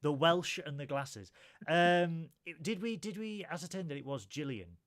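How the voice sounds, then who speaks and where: Higher-voiced man, animated movie chat. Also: moderate pace. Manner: animated, retells scenes in quoted voices. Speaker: podcast host. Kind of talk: casual film review chat.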